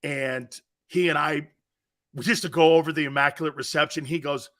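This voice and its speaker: A man hosting a live sports talk show, telling stories in an animated, rambling way with many asides. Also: fairly high pitch, normal speed. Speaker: sports talk radio host.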